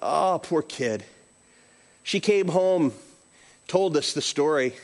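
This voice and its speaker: A man's voice: a little high, slow. A middle-aged male pastor preaching a sermon, telling stories with acted-out quotes. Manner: animated storytelling with acted-out quotes.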